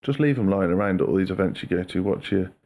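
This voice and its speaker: A man's voice: low voice, fast, darkish tone. A man co-hosting a podcast, chatting casually and telling stories with mocking voices. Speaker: podcast co-host.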